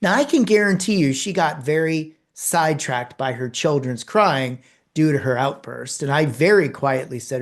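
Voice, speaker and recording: A woman who works as a speaker and communication trainer, giving a course lecture in an animated storytelling manner with emphatic pauses. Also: low voice.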